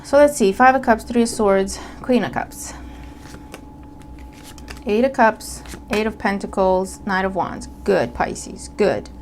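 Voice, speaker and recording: Woman, tarot reader, chatty, checks in with listeners, mid-pitched voice. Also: takes it slowly, a little mellow, slight background noise. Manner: conversational, checks in with listeners often. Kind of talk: casual tarot reading.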